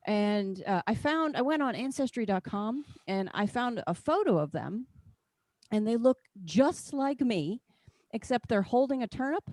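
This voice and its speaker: A woman's voice: on the high side, animated, a little slow, a little mellow, dry recording. Chatty American woman doing stand-up. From United States. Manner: chatty, self-deprecating, laughs at own jokes. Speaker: stand-up comedian. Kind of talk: stand-up set. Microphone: video call.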